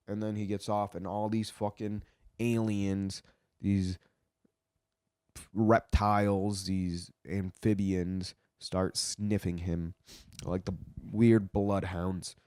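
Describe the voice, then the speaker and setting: A man's voice: deep voice, little pitch movement, takes it slowly, darkish tone, clear, resonant tone, no room sound, studio quality. A man retelling a story in casual commentary, swearing a lot and rambling with frequent restarts.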